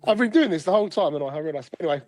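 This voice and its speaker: A man co-hosts a casual podcast, laid-back and quick with a joke. His voice sits a little higher than most men's. The recording is close and dry. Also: lively intonation, darkish tone, dry recording. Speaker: podcast co-host. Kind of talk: casual chat.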